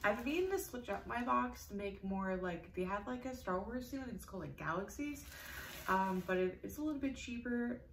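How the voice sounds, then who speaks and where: A young woman vlogging an unboxing in casual chat, gushing and excitable, sometimes dropping to a whisper. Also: mid-range voice, a little fast, creaky. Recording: roomy echo, faint noise.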